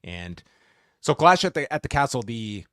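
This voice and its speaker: Podcast cohost guy, middle pitch, dry close sound, wry and jokey. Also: sing-song, normal speed, fairly bright tone, dry recording. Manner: wry, jokey, wraps up segments. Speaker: podcast co-host. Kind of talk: casual podcast chat.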